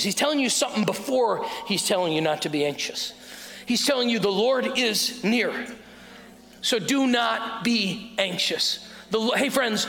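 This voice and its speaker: High-voiced pastor preaching in a hall. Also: male voice. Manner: call-and-response, swings from loud to hushed. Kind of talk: sermon. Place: church hall. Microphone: wearing a mic. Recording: sermon in a hall with music.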